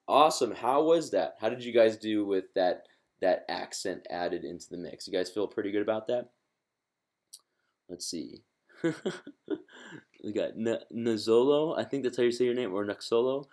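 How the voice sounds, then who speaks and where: A man's voice: on the low side, normal speed, over music. A man teaching ukulele in a live-streamed lesson. He is encouraging and chatty, with many fillers and restarts.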